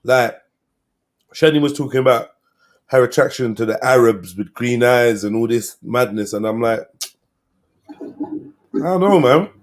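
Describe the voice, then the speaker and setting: A man, hosting a live stream and chatting casually with slang and shout-outs to viewers. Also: mid-range voice, unhurried, long pauses. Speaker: livestream host.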